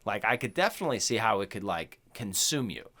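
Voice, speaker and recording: A man's voice: on the low side, fairly quick. A man co-hosting a casual podcast chat, telling stories with lots of "like" and "dude" and acting out the voices he quotes. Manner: animated storyteller who acts out quoted voices; says "like" and "dude" a lot. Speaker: podcast co-host.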